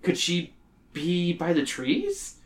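A man reading a choose-your-own-adventure book aloud to friends, animated and tossing in joking asides. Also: sits high, takes it slowly. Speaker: game reader. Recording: roomy echo.

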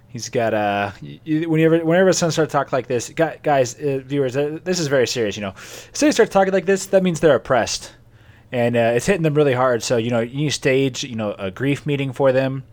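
Rambling jokey man in a mid voice. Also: mid-range voice. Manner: jokey, laughing, rambling mock-serious warnings. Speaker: podcast co-host. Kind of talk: comedy podcast banter.

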